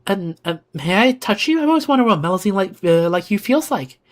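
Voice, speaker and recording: A reader voicing an excitable, curious young woman adventurer in a fan reading of game dialogue, gushing and eager. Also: mid-range voice, brisk, close to an everyday voice. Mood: excited. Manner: gushing, eager, formal when apologizing.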